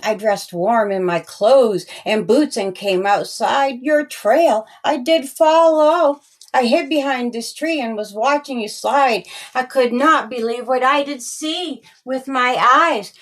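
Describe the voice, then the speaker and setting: A woman reading aloud her own rhyming children's story in a slow, sing-song storytelling manner. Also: high voice. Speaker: storyteller and author.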